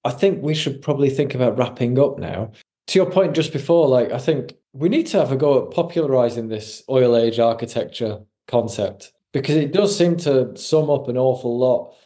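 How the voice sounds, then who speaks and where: Male podcast host, warm mellow voice, easygoing, steering the chat. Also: mid-range voice, expressive, normal speed.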